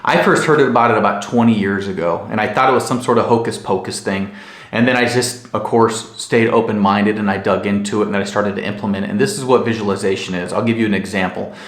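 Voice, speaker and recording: A man's voice: on the low side, steady tone, fast talker, roomy sound, soft background music. A man who coaches real estate agents, giving a motivational talk and telling a story in an earnest way, speaking straight to his viewers.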